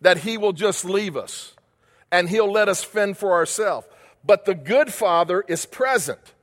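High-voiced preacher in a reverberant hall. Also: male voice, animated, unhurried, fairly bright tone. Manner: repetitive, emphatic preaching with rhetorical questions. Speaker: pastor. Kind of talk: sermon.

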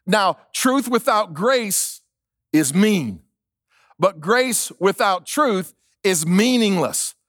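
A man's voice: high-pitched, animated, takes it slowly, a bit bright, dry recording, clean studio sound. A male pastor preaching a sermon, emphatic, repeating key lines and asking the congregation questions.

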